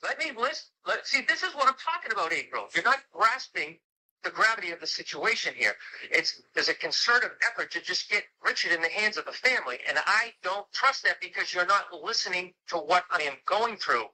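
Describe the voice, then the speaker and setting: A man's voice: sits high, lively intonation, brisk, sharp tone, slight background noise, poor audio. A man on a livestream, talking insistently and pleading to be heard. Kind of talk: heated call-in talk.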